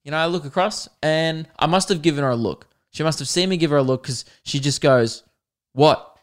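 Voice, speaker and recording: A man's voice: on the high side, brisk. Rambling young Australian man telling stories. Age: young adult. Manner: animated, rambling, swears often. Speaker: podcast host. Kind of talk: comedic storytelling.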